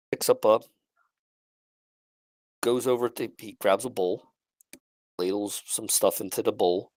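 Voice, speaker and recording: Gravelly man running a tabletop game. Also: fairly low pitch, no room sound, low-quality recording. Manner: halting, many restarts and fillers. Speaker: game master.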